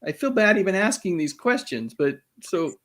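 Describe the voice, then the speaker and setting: A man hosting a live-stream trivia quiz, chatty and reading out the answer choices slowly. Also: high voice, big pitch swings, fairly bright tone. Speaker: host.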